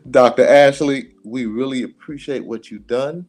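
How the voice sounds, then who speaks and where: A man hosting a live talk radio show, emphatic and animated, breaking into laughter. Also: mid-range voice. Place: radio studio.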